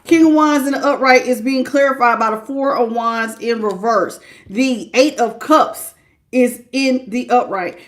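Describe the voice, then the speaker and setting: Woman, tarot reader on a live stream, a little high in pitch, conversational, breaks off to greet her chat. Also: a little slow. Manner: conversational, thinking aloud, interrupts herself to welcome viewers by name; warm and familiar with viewers.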